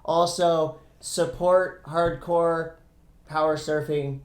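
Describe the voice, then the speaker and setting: This middle-aged podcast co-host has a slightly high voice, a steady tone, and a slow delivery. The conversation is casual and rambling, and he often breaks into laughter. The recording sounds roomy, with echo.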